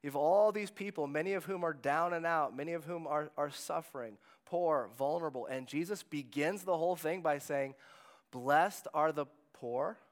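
A man preaching a sermon as pastor, in a conversational way, letting his phrases trail off softly. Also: on the high side, a little fast, hardly any pauses.

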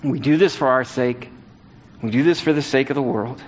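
A man's voice: mid-range voice, moderate pace. A middle-aged man preaching a sermon, telling a personal story earnestly and building to emphatic repeated calls to action. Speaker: pastor.

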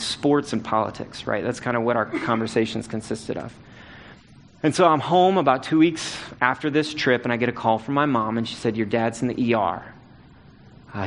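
A middle-aged man preaching a sermon, telling a personal story earnestly and building to emphatic repeated calls to action. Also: mid-range voice. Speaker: pastor.

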